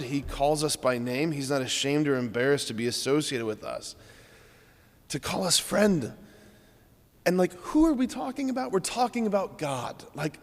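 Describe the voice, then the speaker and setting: A man's voice: a little high, long reverb tail. A man, a Catholic priest, giving an earnest, conversational homily in a church.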